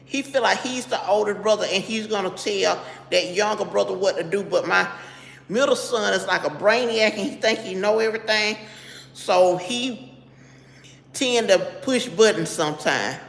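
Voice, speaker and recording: A woman's voice: mid-range voice, moderate pace, creaky. A middle-aged woman hosting a casual live stream. She talks bluntly and keeps breaking off to greet viewers by name. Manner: chatty, greets viewers by name mid-sentence; blunt and straight-talking. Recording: echoey room with long reverb.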